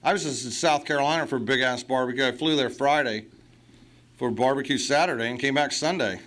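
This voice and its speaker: A man's voice: mid-range voice, a little fast, fairly bright tone. Profane, blunt man sharing at a meeting. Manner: profane, blunt, self-mocking humor. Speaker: AA speaker. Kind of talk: recovery meeting share. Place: meeting hall.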